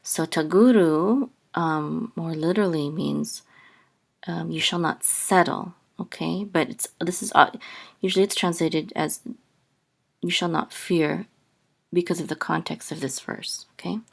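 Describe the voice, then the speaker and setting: A woman teaching a lesson step by step, pausing often with ums and sometimes singing out syllables. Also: deep voice, gravelly. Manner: sings out chanted syllables, many ums and restarts. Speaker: Hebrew teacher.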